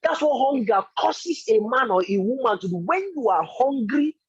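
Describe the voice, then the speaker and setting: A man's voice: very high voice, big pitch swings, normal speed, slightly rough, dry recording, highs cut off. A man giving an emphatic, repetitive motivational talk as a business coach in an online meeting.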